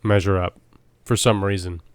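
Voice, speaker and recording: A man's voice: low voice, fairly even intonation, moderate pace, crowd noise. A man co-hosting a podcast in casual chat, joking and riffing playfully. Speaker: podcast co-host.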